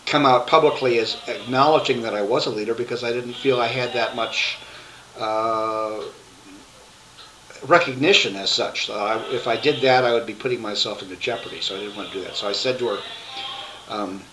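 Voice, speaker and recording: A man telling his life story to a webcam, rambling and halting with many restarts. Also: mid-range voice, bright, forceful tone, a little hiss or hum, rough recording.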